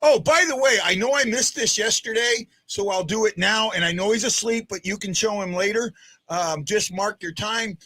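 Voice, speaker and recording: A man hosting a live fan stream, commenting in an excitable, chatty way with frequent restarts. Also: high-pitched, moderate pace. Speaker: fan show host.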